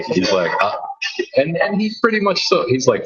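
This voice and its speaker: A man's voice: fairly low pitch, sing-song, moderate pace, fairly bright tone, highs cut off. A man, a DJ, telling a story in casual chat, rambling and restarting his sentences often. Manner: rambling with many restarts and stammers. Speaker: DJ and podcast host.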